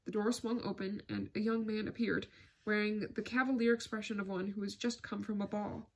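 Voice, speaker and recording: A woman narrating an audiobook in a measured, steady way. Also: medium pitch. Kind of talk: scripted narration.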